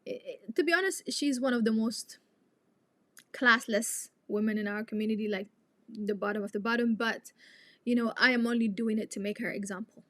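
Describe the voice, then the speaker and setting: A woman's voice: fairly high pitch, normal speed, fairly bright tone, dry recording. A young woman, a native Tigrinya speaker, hosting a live chat and talking to her viewers in an outspoken, indignant way. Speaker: live stream host.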